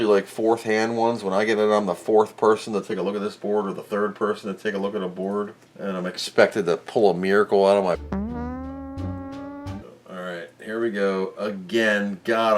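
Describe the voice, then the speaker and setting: A man hosting his own electronics repair videos, talking casually and self-mockingly as he works at a repair bench. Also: lowish voice. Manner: rambling, self-mocking, mutters while working. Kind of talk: casual workbench narration.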